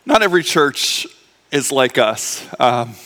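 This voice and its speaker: A man's voice: mid-range voice, sing-song, slow, pushed and bright, big-room sound. A man preaching a sermon to his congregation as pastor, in a chatty, emotional way, with many fillers and restarts. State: recovering from appendix surgery. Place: church sanctuary.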